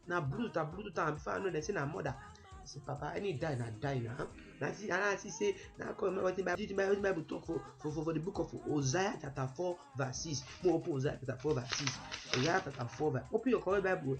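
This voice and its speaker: Animated man preaching in Warri Pidgin. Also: sits high, quick pace, creaky, music in the background. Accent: Warri Nigerian Pidgin. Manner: animated, emphatic, acts out anecdotes. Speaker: comic preacher. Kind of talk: comic pidgin sermon.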